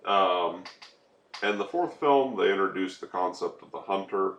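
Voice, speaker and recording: A man's voice: low-pitched, unhurried, fairly bright tone. A man co-hosting a podcast, explaining film details in a hesitant way with frequent ums. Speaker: podcast co-host. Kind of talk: casual chat. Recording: roomy room with faint noise.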